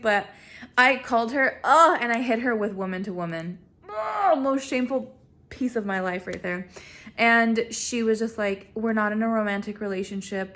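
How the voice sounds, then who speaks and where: Sassy, animated woman telling a story. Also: fairly high pitch. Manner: animated, sassy, laughs often. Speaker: vlogger telling her own story. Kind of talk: casual storytelling.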